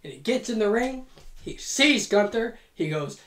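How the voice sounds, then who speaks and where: A woman's voice: on the high side, expressive, moderate pace. Profane, playful woman in an echoey room. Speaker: podcast host. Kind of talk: casual fantasy-booking monologue. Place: home room.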